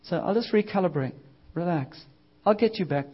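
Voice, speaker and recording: A preacher voicing God as a calm, kindly father, soft and reassuring. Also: sits high, moderate pace, breathy edge, muffled recording.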